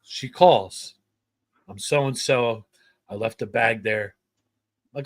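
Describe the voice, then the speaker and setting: Speaking slowly in a mid-range voice on a dry recording, a podcast co-host recounts a story from work during casual chat. He brings it to life by performing the quoted voices of everyone involved.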